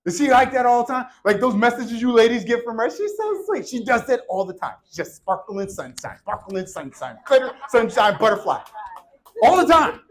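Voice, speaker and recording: Male pastor, high voice, casual joking sermon delivery in a church. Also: expressive, brisk. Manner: playful, conversational preaching with call-and-response. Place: church sanctuary. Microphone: handheld or worn microphone.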